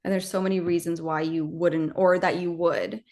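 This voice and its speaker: A woman actress talking casually in an interview, animated and rambling, with many fillers and restarts. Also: on the low side, normal speed.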